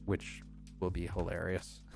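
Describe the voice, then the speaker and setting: A man's voice: deep voice, monotone, takes it slowly, vocal fry, a little mellow, faint music behind. A man streaming a game, chatting casually and rambling to himself with frequent chuckles. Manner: rambling, self-talking, chuckles often. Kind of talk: casual live-stream chat while playing.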